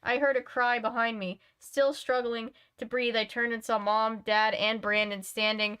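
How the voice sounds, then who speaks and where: A woman's voice: a little high, flat delivery, normal speed, pushed and bright, smooth. Woman streamer reading a creepy kids book, chatty, lots of um and like. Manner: chatty, uses many fillers. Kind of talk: read-aloud narration with casual chat.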